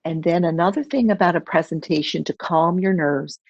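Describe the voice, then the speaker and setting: A middle-aged woman presenting a webinar as a public speaking trainer, measured and instructive, repeating key phrases. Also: on the low side, gravelly, a little mellow, no echo, highs cut off. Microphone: video call.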